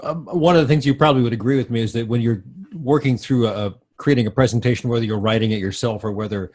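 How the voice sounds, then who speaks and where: A man's voice: medium pitch, darkish tone. An older man hosting an interview show, talking in long rambling sentences full of restarts. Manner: rambling, halting with many restarts and fillers. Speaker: podcast host. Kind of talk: interview conversation.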